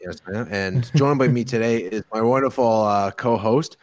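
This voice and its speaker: A man's voice: mid-range voice, moderate pace, no echo. Upbeat young man hosting a podcast. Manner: upbeat, joking banter. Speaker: podcast host. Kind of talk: casual chat.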